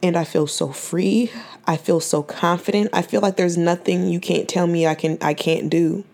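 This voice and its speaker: A woman's voice: fairly low pitch, steady tone, moderate pace, a little mellow. A 21-year-old woman giving an earnest, faith-filled personal testimony on her podcast, fighting back tears and often restarting her phrases. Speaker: podcast host.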